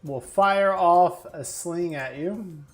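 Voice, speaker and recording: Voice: medium pitch, takes it slowly, faint music behind. A game master narrating a tabletop game in casual chat, often laughing through vivid descriptions. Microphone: headset or desk mic in an online stream.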